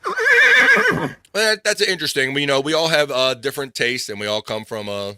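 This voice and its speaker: A man's voice: a little high, wildly swooping pitch, normal speed, sharp tone, dry recording, studio quality. A man hosting a casual live podcast, rambling, laughing and muttering to himself as he reads chat. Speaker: podcast host.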